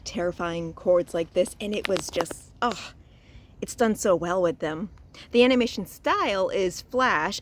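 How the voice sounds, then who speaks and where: A woman from Louisiana giving a casual spoken review, chatty and expressive, recorded outdoors. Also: mid-range voice. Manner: chatty and expressive, with frequent laughs and sighs. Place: outdoors in a cemetery.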